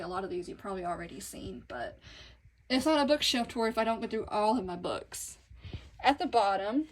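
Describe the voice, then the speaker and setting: A young woman with a Southern drawl and a slightly high voice chats casually to her viewers. She walks through her shelves with self-deprecating asides, recorded on a phone in her bedroom. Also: rough recording. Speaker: book vlogger. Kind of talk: casual bookshelf tour. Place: bedroom at home. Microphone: phone camera.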